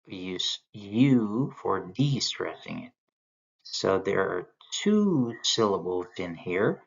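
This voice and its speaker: A man with a low, gravelly voice talks a class through poetry terms at a very unhurried pace, pausing as he points to each example. The recording sounds somewhat dull and lo-fi. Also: very animated. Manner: explains step by step, points at slides. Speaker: teacher.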